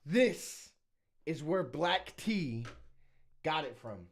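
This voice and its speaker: A man's voice: a little high, very animated, drawn-out words. A man streaming live and reacting to rap battles, giving frank and candid opinions and often repeating words as he thinks aloud. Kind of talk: casual reaction commentary.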